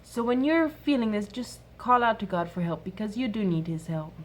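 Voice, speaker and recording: Casting note: woman in her thirties, mid pitch, sincere and soft-spoken, faint hiss behind her. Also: expressive, moderate pace. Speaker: mom sharing a workshop talk. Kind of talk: gentle faith-based advice talk.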